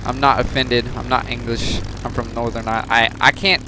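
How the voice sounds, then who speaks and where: A man's voice: medium pitch, little pitch movement, normal speed, background noise. A man giving chatty, self-deprecating commentary while streaming a game. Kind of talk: casual gameplay commentary.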